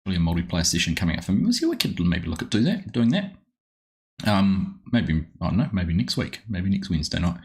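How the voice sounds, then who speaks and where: A man's voice: low-pitched, very animated, brisk. A man with a New Zealand accent hosting a live game stream, chatting casually and greeting viewers by name.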